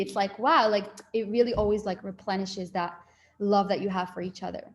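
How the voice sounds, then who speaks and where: A woman's voice: mid-range voice, fairly even intonation, brisk. Chatty young woman giving relationship advice. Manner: chatty, full of "like" and "you know", acts out little quoted exchanges. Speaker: relationship talk speaker. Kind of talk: casual talk to a live and Zoom audience.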